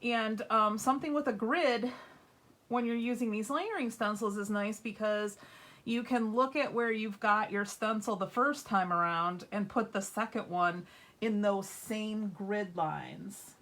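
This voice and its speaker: A woman's voice: mid-range voice, measured pace, fairly bright tone. A middle-aged woman hosting a casual live craft demo, slightly out of breath, chatty and greeting viewers by name. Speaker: crafting livestream host.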